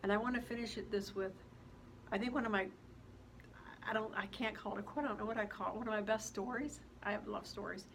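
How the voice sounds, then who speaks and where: A woman's voice: medium pitch, fairly even intonation, quick pace, slight background noise. A woman in her sixties, an author, giving an earnest, heartfelt motivational talk straight to her viewers. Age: 60s. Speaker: author and speaker.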